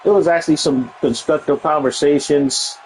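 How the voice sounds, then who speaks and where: A man's voice: on the high side, steady tone, moderate pace, slight background noise, low-quality recording. Blunt, profane man streamer chatting. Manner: blunt and profane, laughs often, reads and answers chat. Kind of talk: casual chat with live chat.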